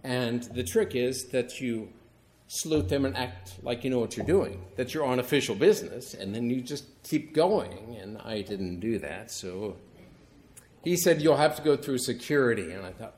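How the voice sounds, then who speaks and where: Middle-aged male priest, wry storytelling homily, mid-pitched voice. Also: expressive, moderate pace, darkish tone. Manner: storytelling, conversational with wry humor.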